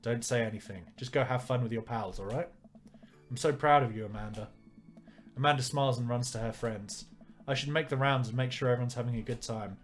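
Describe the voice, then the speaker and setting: A man's voice: medium pitch, a little fast, faint music behind. A man reading a visual novel aloud and commenting on it with dry jokes. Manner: wry, joking asides. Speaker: let's player.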